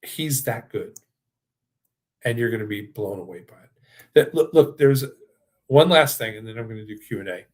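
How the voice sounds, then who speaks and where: An older man hosting a financial webinar, giving an enthusiastic sales pitch full of restarts and then answering audience questions. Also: expressive, normal speed, long pauses. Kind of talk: presentation and live Q&A.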